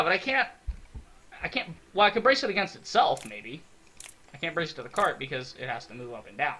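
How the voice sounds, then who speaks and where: A young man giving excitable, swear-filled let's-play commentary, talking to himself as he builds in a game. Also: a little high, slight background noise. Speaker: gaming video creator.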